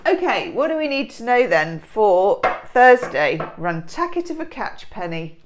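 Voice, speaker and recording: A woman's voice: mid-range voice, sing-song, moderate pace, few pauses, a little hiss or hum. A middle-aged woman, rambling and joking with herself through a daily tarot reading in her home kitchen. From England. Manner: rambling, self-mocking, giggly asides. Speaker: tarot reader.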